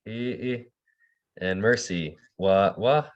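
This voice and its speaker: A man's voice: fairly low pitch, slow pace, muffled recording. A man teaching an online language class, calling on students by name, repeating words for them and explaining with many fillers and restarts.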